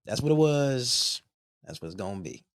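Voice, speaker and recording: A man with a lively, swooping voice, pitched slightly high, drives home his opinions by saying them again and again. The sound is dry and close, like casual podcast banter. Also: normal speed, no room sound. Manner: emphatic, repetitive, swearing sports takes. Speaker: podcast co-host.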